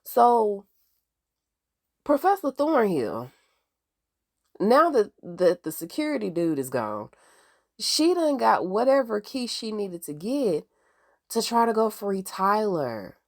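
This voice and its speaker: A woman's voice: mid-range voice, sing-song, takes it slowly, long pauses, a little mellow. A woman hosting a casual TV recap, chatty and slangy, talking straight to her viewers. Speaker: TV recap host.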